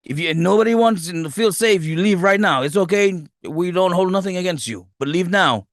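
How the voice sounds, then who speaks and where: A man putting on a shady male crime boss who talks in halting, clipped broken English. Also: high-pitched, expressive, dry recording, studio quality, pitched above the performer's own voice. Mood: warning.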